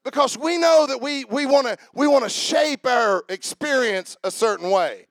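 A man's voice: very high-pitched, expressive, normal speed, a bit bright, no echo. A man preaching a sermon to his congregation, joking and repeating himself as he talks to people in the room by name. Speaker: pastor.

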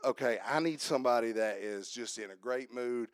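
A man preaching a sermon as pastor, lively and interactive, calling on his congregation to answer and come up front. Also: mid-range voice, normal speed, no echo, clean studio sound. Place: church.

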